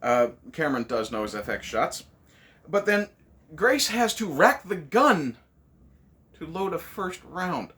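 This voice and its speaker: A man's voice: on the high side, big pitch swings, measured pace, sharp tone. A man hosting a casual movie review, ranting sarcastically with lots of swearing.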